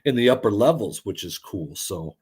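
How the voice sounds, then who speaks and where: A man breaks down a soccer team in easygoing sports talk. His voice is a bit husky and his delivery lively and casual, full of fillers and slang. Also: on the low side, normal speed. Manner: animated, uses filler and "dude". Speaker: soccer commentator guest.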